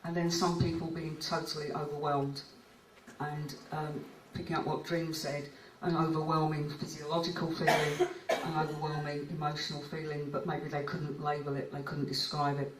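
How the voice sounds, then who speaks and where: A woman's voice: deep voice, little pitch movement, normal speed, far from the mic, noisy background. A woman giving a conference talk as a clinician, speaking conversationally and recounting cases from her practice. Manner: conversational, recounts cases and reads out clients' words. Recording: echoey hall picked up from afar.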